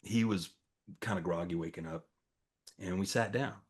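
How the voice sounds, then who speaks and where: A middle-aged man with a low, husky voice tells a story about a campus crisis to a small audience, speaking at a moderate pace. He keeps it conversational, acting out the quoted dialogue and using plenty of fillers.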